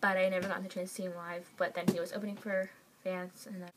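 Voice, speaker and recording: A young woman telling a story to the camera at home, excited and gushing, with lots of fillers. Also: on the low side, fast, noisy background. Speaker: vlogger.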